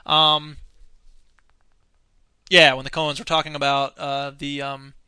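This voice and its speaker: Hesitant male teacher with a bright voice. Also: on the high side, little pitch movement, slow pace, clear, resonant tone, no echo. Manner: hesitant, many fillers, searching through notes. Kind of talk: unscripted film commentary lecture.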